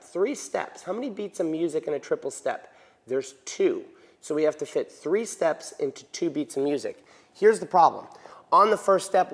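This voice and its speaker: A male dance teacher giving an instructional lesson, counting beats aloud and checking in with frequent "right?". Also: a little high. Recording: echoey hall reverb.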